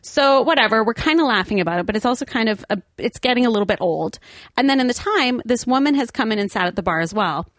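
A woman telling a story in a casual chat, animated and laughing often. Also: on the high side, quick pace, dry recording, studio quality.

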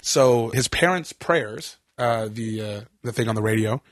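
A man's voice: mid-range voice, unhurried, dry recording, studio quality. A man telling a long, rambling story on a podcast, full of fillers and laughter. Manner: rambling, laughing, with many fillers and acted quotes. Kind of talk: casual storytelling chat.

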